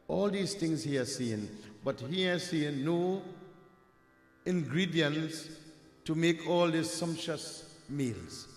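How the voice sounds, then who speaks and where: Trinidadian man, devotional sermon, rhetorical, fairly high voice, echoey hall, long reverb. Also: takes it slowly. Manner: rhetorical, addresses "my dear friends", asks "huh?". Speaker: Hindu preacher telling a katha.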